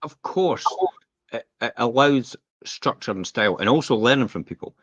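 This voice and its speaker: A man co-hosting a casual podcast chat, talking in an emphatic, animated coaching manner. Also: mid-range voice, moderate pace, dry recording, lo-fi sound. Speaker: co-host.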